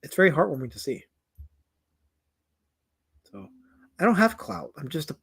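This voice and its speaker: A man's voice: a little high, sing-song, normal speed, vocal fry, pauses often, slightly rough. A man streaming live as a comic creator, reading out chat comments in a rambling way that is full of stuttered repeats.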